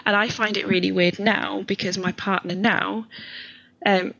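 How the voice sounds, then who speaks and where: A woman's voice: medium pitch, fairly even intonation, unhurried, vocal fry, a bit bright, lo-fi sound. A woman in her thirties, a podcast guest talking at length in a chatty, rambling, self-deprecating way. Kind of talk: casual conversation.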